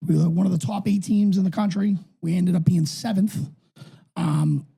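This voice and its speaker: Male co-host, 30s, from New England; husky, gravelly, rambling and profane. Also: moderate pace, warm tone. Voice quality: voice higher than his build suggests. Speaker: podcast co-host and youth football coach. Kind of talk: casual podcast chat.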